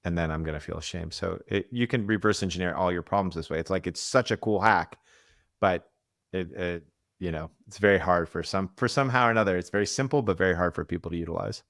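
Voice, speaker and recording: A man's voice: sits low, fast, vocal fry, a bit bright, dry recording, clean studio sound. A man, an executive coach, explaining ideas in a podcast interview, often restarting sentences and acting out quoted voices.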